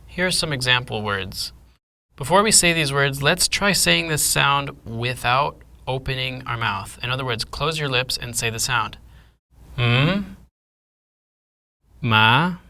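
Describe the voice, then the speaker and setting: A man's voice: mid-range voice, sharp tone. A man teaching pronunciation, carefully demonstrating each sound. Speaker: language teacher. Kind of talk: pronunciation lesson.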